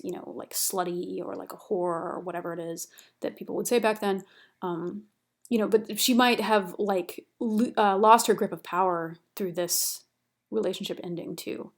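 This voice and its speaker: A young woman lecturing on a classical epic in a casual, chatty way, paraphrasing with many fillers and restarts. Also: medium pitch. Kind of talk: recorded university lecture.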